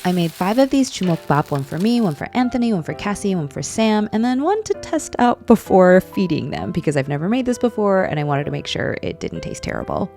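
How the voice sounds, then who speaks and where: Low-voiced woman narrating a cooking vlog. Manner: gentle, unhurried, conversational. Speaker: cooking vlogger.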